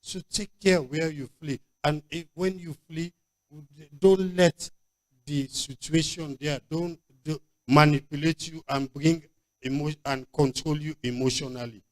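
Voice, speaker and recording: Nigerian pastor guy preaching, kinda high voice, keeps repeating himself and restarting. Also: steady tone, measured pace. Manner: emphatic, repetitive, stop-start with many restarts. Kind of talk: sermon. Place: church convention hall.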